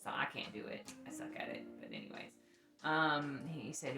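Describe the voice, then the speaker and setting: A woman's voice: low-pitched, huge pitch swings, moderate pace, vocal fry. A young woman chatting candidly and laughing while telling stories, frank and full of profanity. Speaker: podcast co-host. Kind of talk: candid casual chat. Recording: echoey room with faint music.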